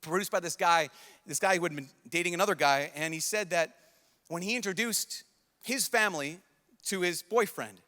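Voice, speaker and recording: Bright and forceful, the young priest's high voice runs at normal speed as he earnestly pleads with a large youth conference crowd. He repeats himself often in this emotional sermon, and the large conference hall surrounds it with long reverb.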